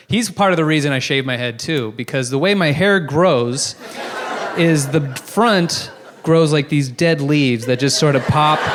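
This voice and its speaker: A man in his thirties tells brash, profane stories against himself from a comedy club stage, his voice sitting a little high for a man. He speaks into a handheld stage mic, with a faint hiss behind him. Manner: brash, profane, self-mocking storytelling. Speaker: stand-up comedian. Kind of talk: stand-up comedy set. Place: comedy club stage before a live audience.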